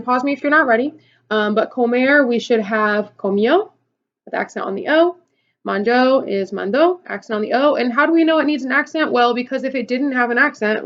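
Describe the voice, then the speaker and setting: A woman teacher talks through a recorded lesson in a fairly high voice. She explains patiently, step by step, with frequent "okay" and "um". The sound is a little dull and lo-fi. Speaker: Spanish teacher. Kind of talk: recorded classroom lesson video.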